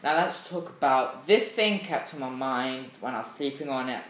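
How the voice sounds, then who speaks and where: A man chatting casually about a film he loves, excitable and rambling, with lots of fillers and sound effects. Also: medium pitch, moderate pace, roomy sound, poor audio. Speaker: movie fan vlogger. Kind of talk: casual film review chat.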